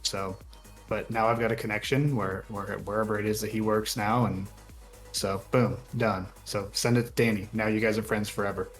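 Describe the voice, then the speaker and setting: A man co-hosting a casual podcast, talking in relaxed, run-on thoughts. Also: lowish voice, normal speed, faint music behind. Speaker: podcast co-host. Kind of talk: casual chat.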